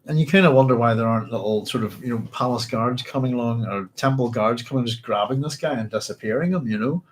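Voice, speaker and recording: A man's voice: medium pitch, quick pace, low-quality recording. Musing man discussing a novel. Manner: musing, rambling, self-correcting. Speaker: book club host. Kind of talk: reading a novel aloud with commentary.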